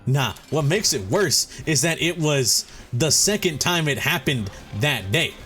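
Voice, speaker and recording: A man's voice: on the high side, a bit bright. A tired young man telling a rambling story while playing a game, acting out quotes in a casual chat. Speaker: gaming video host. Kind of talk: casual chat over gameplay. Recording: faint music behind.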